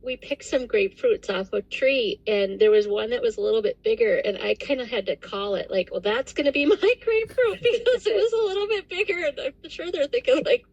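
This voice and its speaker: A woman's voice: on the high side, brisk, hardly any pauses, dry recording. A woman chatting playfully on a video call during a support group meeting. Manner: lively, playful. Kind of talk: casual video call chat. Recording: dull dry video call audio.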